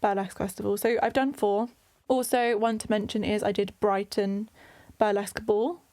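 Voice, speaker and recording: A woman's voice: mid-range voice, flat delivery, normal speed, darkish tone. A young British woman with an enthusiastic, gushing manner, chatting casually as an interview guest. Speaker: guest, burlesque performer.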